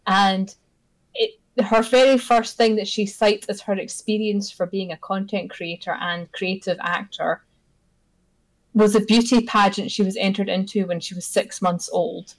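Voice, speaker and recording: A woman's voice: medium pitch, steady tone, a little slow, rough recording. A woman co-hosting a casual podcast chat, telling a story in an exasperated, sweary way. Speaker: podcast co-host.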